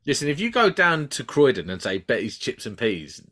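A man's voice: mid-range voice, wildly swooping pitch, moderate pace, fairly bright tone. A man co-hosting a casual podcast, joking and bantering with the others. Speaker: podcast co-host.

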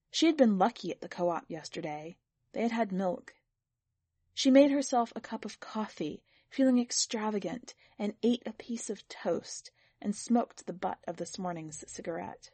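A woman reads a short story aloud in an even, measured voice. The sound is dry and close to the mic. Her pitch sits in the middle. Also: no echo. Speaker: podcast editor and story reader. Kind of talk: scripted narration.

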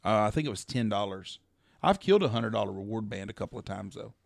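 A man's voice: lowish voice, animated, fast talker, creaky, dry recording, clean studio sound. A middle-aged man, telling rambling, profane hunting stories as a podcast co-host. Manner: rambling, profane storyteller who acts out quotes. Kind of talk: casual storytelling chat.

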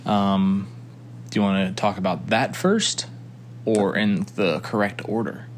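A man's voice: on the low side, steady tone, measured pace, slight background noise. A young man co-hosting a casual podcast with his wife, joking around and playing with his voice. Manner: playful, jokes with his voice. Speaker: podcast co-host. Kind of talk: casual chat.

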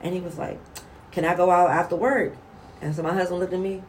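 A woman in her forties chatting casually, telling stories with lively acted-out quotes. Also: fairly low pitch, a little fast, a crowd in the background. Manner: animated storyteller, acts out quotes. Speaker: show co-host. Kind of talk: casual chat.

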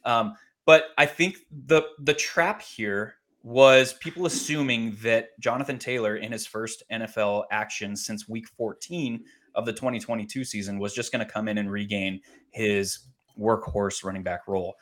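A man co-hosting a fantasy football podcast, talking in a measured, analytical way with many pauses and ums. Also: on the low side, steady tone, a bit bright. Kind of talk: casual sports analysis chat.

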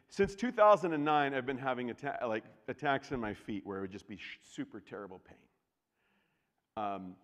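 A pastor speaking at medium pitch gives a sermon in a church sanctuary, where a large hall's long reverb trails his words. He chats casually with the congregation, restarting and making asides, and shifts from loud bursts to near-whispered lines.

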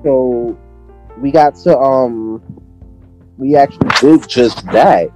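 A man's voice: medium pitch, slow, music in the background. Laid-back New man, slangy storyteller. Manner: laid-back, slangy, many "you know what I'm saying" fillers. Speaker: interview guest, music producer. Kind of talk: casual storytelling chat.

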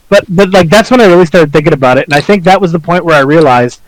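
A man with a slightly higher voice speaks openly and reflectively, chuckling now and then as he tells his stories. The sound is dry and close to the mic, with no room around it. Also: quick pace, dry recording, low-quality recording. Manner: reflective, open, chuckles while telling stories. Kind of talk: casual candid conversation.

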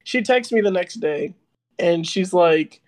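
High-voiced young man telling a story. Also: a little slow, no room sound. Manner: animated, laughing, heavy filler words. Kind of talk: casual storytelling chat.

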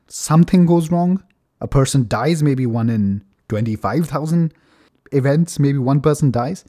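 A man casually telling a personal story, relaxed and chatty, swearing now and then and laughing at himself. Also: medium pitch, slightly rough. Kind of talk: casual anecdote.

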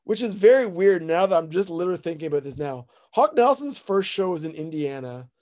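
A man's voice: high-pitched, expressive, fairly quick, darkish tone. A man in his thirties telling a casual personal story, rambling and self-deprecating, often acting out what people said. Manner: rambling, self-deprecating, acts out quoted voices.

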